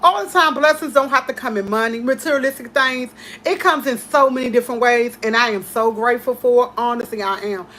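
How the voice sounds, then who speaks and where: A woman hosting a casual chat, talking in an emphatic, repetitive way with heartfelt excitement. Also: a little high, brisk, slight background noise. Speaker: host.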